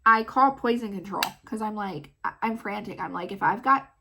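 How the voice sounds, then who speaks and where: A mother vlogging, retelling a story in a casual, animated way full of "like". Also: medium pitch, normal speed, noisy background. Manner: animated, filler-heavy retelling with many "like"s.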